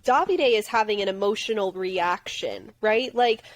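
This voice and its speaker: A woman's voice: medium pitch, moderate pace, dry recording, rough recording. A woman co-hosting a podcast, chatting casually with a wry, self-deprecating manner. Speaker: podcast co-host. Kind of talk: casual chat recapping a reality show.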